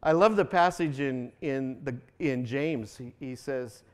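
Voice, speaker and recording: A man's voice: measured pace, hardly any pauses. A man preaching a sermon to a congregation in a church, talking conversationally, asking the audience questions and acting out quotes. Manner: conversational, asks the audience questions, acts out quotes with rising pitch. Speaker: pastor.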